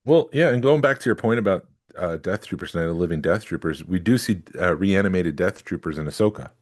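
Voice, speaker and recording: A man hosting a podcast in easy, rambling chat, full of "like" and "uh." His voice sits low but moves around a lot as he talks. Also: lively intonation, brisk, a little mellow. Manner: rambling, hedging with "like" and "uh". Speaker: podcast host. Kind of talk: casual chat. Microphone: studio microphone that pops.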